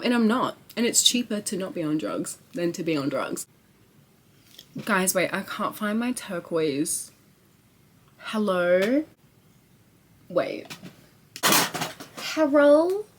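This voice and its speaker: A young woman chatting to camera in a casual vlog, excitable and rambling, with lots of swearing and filler words. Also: lowish voice, slightly rough. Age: young adult. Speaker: vlogger.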